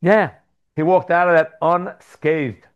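A man teaching a casual Talmud class to students, telling stories with lively asides. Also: fairly high pitch, slow, clear, resonant tone, muffled recording. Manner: animated storytelling with asides. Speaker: Torah teacher.

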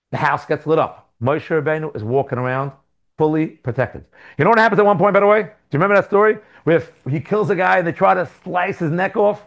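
A man leads a casual Talmud class, telling stories with quick asides and jumping between points. His voice sits a little higher than most men's. He talks to students in a classroom. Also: creaky, muffled recording. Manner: animated storytelling with asides. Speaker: Torah teacher.

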